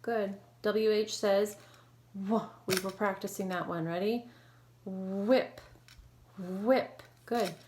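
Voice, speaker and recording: A woman teacher leading an online phonics lesson, modeling sounds clearly and slowly and praising her students. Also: medium pitch, fairly even intonation, darkish tone. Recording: echoey room with faint noise.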